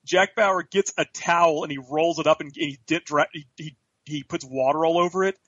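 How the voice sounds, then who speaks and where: Animated swearing man retelling scenes. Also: fairly high pitch, fairly quick, dry recording, dull audio. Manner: animated storyteller, swears, acts out quotes. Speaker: podcast co-host. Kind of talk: casual chat.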